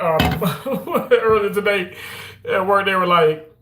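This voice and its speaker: A man chatting casually with his viewers on a livestream, animated and quick to exclaim. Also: high voice, roomy sound, slight background noise.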